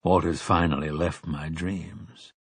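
A man voicing a weary, laconic gunslinger who speaks low and quietly in old-fashioned words, his voice hoarse and trembling. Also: steady tone, slow, no echo, studio quality, exaggerated voice. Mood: hushed, grave. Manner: low, quiet, archaic speech. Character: weary aging male gunslinger, grave and laconic.

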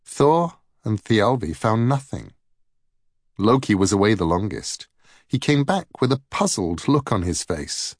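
A man narrating a myth as a storybook reading in an unhurried, expressive way. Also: fairly low pitch, no room sound, studio quality.

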